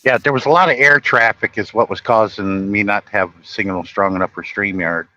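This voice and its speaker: A man chatting casually on a live stream, retelling movie scenes with lively laughter. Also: fairly low pitch, a little fast, highs cut off. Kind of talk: casual chat, storytelling.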